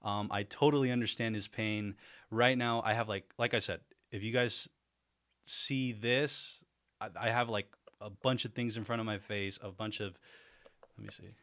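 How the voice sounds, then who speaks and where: A man hosting a casual livestream, excited and rambling, laughing often between thoughts. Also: lowish voice, moderate pace. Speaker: livestream host.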